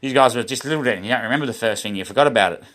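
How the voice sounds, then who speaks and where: A man's voice: mid-range voice, racing, fairly bright tone. A man with an Australian accent rambling in a preachy monologue, often calling his viewers "guys" as he talks.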